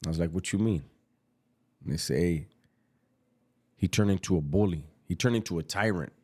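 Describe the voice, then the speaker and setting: A middle-aged man, telling a story about prison in casual street slang, unhurried and reflective. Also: deep voice, darkish tone.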